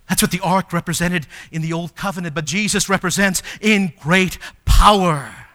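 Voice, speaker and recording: A man preaching a sermon as pastor, moving from soft, low passages to loud, emphatic ones. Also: moderate pace. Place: church sanctuary. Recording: long hall reverb.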